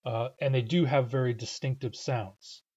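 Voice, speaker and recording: Teaching pronunciation step by step, a native English-speaking man stays patient and explanatory, filling frequent pauses with "uh." His voice is mid-pitched, slightly husky and dark, fairly even in intonation, captured on a somewhat dull, lo-fi recording.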